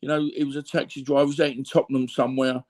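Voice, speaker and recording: A man's voice: medium pitch, flat delivery, very fast, darkish tone. A middle-aged Cockney man telling blunt, rambling stories as an interview guest, full of fillers and repeats. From London, England. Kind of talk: candid conversational storytelling.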